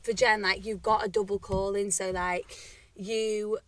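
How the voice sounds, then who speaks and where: A woman's voice: mid-range voice, flat delivery, measured pace, fairly bright tone, dry recording. A young woman co-hosting a podcast, chatting casually and giggling often, recorded outdoors. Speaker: podcast co-host. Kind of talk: casual chat. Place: outdoors in a cemetery at sunset.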